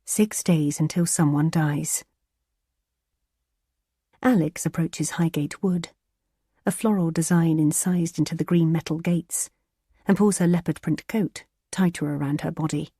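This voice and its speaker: A woman narrating a thriller audiobook in a measured, even storytelling manner. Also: low voice, husky, dry recording, studio quality.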